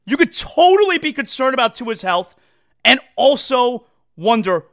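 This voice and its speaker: A man hosting a sports talk show, ranting in an exasperated, animated way and mocking what others say. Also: extremely high pitch, normal speed. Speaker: sports radio host. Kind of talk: opinionated sports talk rant.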